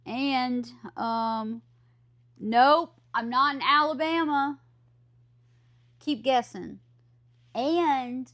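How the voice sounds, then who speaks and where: A woman's voice: on the high side, drawn-out words, long pauses, fairly bright tone. A woman with a Southern US accent, chatting casually with her live stream viewers and answering their questions aloud.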